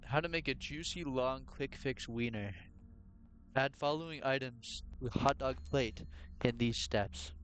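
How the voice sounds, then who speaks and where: A man at a middle pitch streams a game with loose, joking commentary. He plays along as a clerk serving customers and keeps up a goofy running bit. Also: measured pace, fairly bright tone. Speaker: gaming streamer.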